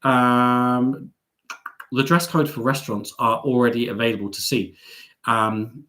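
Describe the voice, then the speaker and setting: A young man from England hosting a live stream. He reads out viewer comments and answers them in a chatty, playful way, often jumping up high in pitch. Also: unhurried. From Devon, England. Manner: lively and playful, with big jumps up in pitch.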